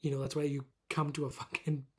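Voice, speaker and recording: A man's voice: on the high side, monotone, fast talker, breathy edge. A young man from Calgary ranting casually to camera as a vlogger, swearing a lot, laughing often and rambling. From Calgary, Canada.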